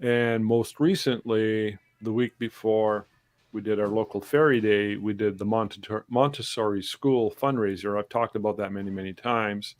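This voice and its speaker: Man, fairly low voice, host, joking, teasing, casual video call chat. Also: fairly even intonation, moderate pace. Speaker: podcast host.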